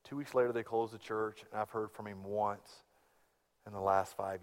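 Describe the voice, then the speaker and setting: A middle-aged man preaching a sermon as a pastor, telling stories with big swings from hushed to loud. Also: lowish voice, fairly quick. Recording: long hall reverb.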